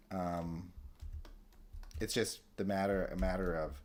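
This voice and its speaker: A man casually chatting on a game livestream, rambling through stories and answering chat with lots of fillers and restarts. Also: fairly low pitch.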